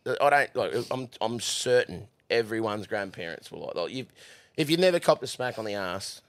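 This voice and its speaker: A man's voice: fairly low pitch, expressive, normal speed, fairly bright tone, no room sound. A man with an Australian accent, a guest telling stories from the horse stables, swearing freely and laughing as he talks. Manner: profane, laughing storyteller. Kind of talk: casual podcast chat. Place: studio.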